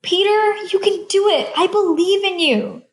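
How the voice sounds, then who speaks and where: A teenage girl playing an earnest, excitable young girl in a school play, eager and emotional. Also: extremely high pitch, drawn-out words, exaggerated voice. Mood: pleading. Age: teens.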